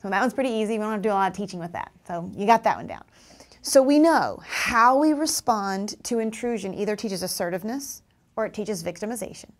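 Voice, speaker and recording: A woman's voice: medium pitch, animated, fast talker. A woman teaching parents and teachers how to respond to children, acting out kids' voices and adult replies. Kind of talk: instructional talk to parents and teachers.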